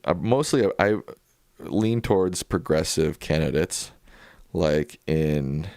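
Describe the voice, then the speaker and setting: A man hosting a casual livestream, chatting in a relaxed way and thinking aloud as he answers viewers. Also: low-pitched, clean tone, no room sound, clean studio sound. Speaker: livestream host.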